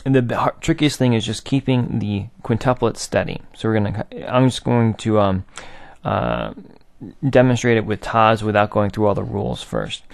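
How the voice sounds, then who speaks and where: A man's voice: on the low side, animated, moderate pace, gravelly. A man teaching a recorded aural theory lesson, patiently explaining and chanting rhythm syllables.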